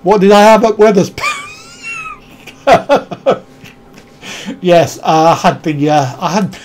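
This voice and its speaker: High, mellow-voiced man chatting live. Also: lively intonation, slow, a little hiss or hum. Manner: rambling and jokey, greeting viewers by name. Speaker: live stream host. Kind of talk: casual live-stream chat reading viewer comments.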